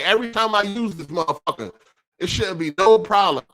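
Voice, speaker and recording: A man's voice: high voice, animated, brisk, fairly bright tone. Profane, irritated man hosting a podcast. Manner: reads viewer super chats aloud. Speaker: podcast host. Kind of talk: livestreamed gaming podcast chat.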